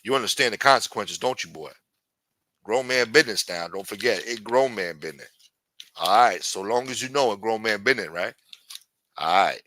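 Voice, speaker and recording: A man's voice: lowish voice, lively intonation, moderate pace, pushed and bright. A man playing a threatening, profane street hustler in improvised comic role-play. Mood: menacing. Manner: profane, taunting, streetwise swagger. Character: menacing male street hustler, adult, threatening.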